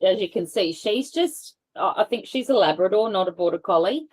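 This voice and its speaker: A woman's voice: mid-range voice, animated, normal speed, slight background noise, rough recording. A woman talking as a guest in casual conversation over a video call, rambling with many fillers and restarts.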